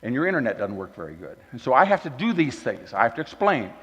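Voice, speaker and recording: Folksy stern God figure, a man doing it, lively delivery, reverberant muffled hall sound. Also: mid-range voice, fast, husky, pitched below the performer's own voice. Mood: folksy scolding. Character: God, stern fatherly male deity scolding Moses.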